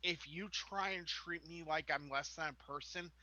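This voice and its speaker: A man co-hosting a live-streamed talk show, speaking earnestly and emphatically in measured statements. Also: on the high side, pushed and bright, no room sound, highs cut off. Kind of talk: casual chat.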